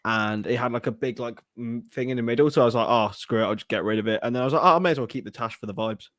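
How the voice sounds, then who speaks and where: A man's voice: mid-range voice, racing, a bit bright, no room sound, studio quality. A man co-hosting a casual football podcast in an upbeat, easygoing manner. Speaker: podcast co-host.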